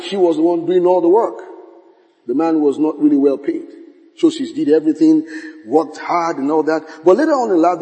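A pastor preaching to his congregation, his fairly high voice jumping into playful quoted voices and bursts of laughter. The sound rings with the long reverb of a large hall. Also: darkish tone. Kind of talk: sermon.

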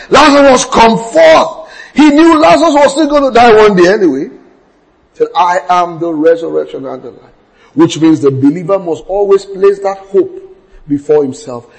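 A pastor preaching a sermon, telling stories with acted quotes and bursts of shouting. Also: male voice, high voice, rough recording.

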